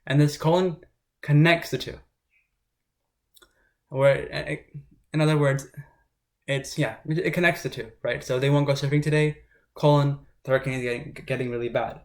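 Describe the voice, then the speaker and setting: A man's voice: medium pitch, steady tone, moderate pace, pauses often. Guy tutoring test prep, explains grammar loosely, keeps asking right?. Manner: informal, talks it through with frequent "right?" check-ins.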